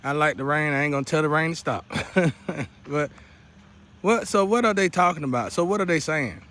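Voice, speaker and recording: Man, high-pitched, talking straight to camera outdoors. Preachy, repetitive delivery that keeps building to an urgent outcry. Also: normal speed, a bit bright. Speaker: vlogger. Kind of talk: impassioned monologue to camera. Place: outdoors near a porch.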